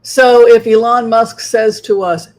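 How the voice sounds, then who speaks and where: A man's voice: very high-pitched, steady tone, measured pace. A man giving a solo political commentary as a psychic tarot reader, talking rhetorically, keeps asking "right?" and acting out other sides' views. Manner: acts out opposing viewpoints.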